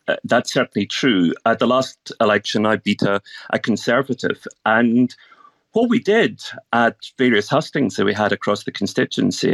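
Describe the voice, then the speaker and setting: A forthright man in his fifties, talking as a politician being interviewed. His voice is gravelly and husky, and the recording is dry and close. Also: mid-range voice, dry recording. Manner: forthright and scathing. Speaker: politician guest.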